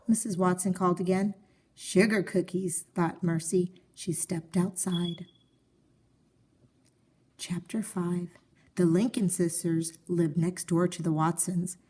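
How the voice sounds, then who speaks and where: Woman reading a kids' storybook aloud, expressive and gentle. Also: fairly low pitch.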